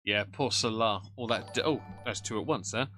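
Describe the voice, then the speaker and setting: A man's voice: fairly low pitch, fairly quick, over music. A man hosting a casual livestream, with blunt, sarcastic and profane commentary.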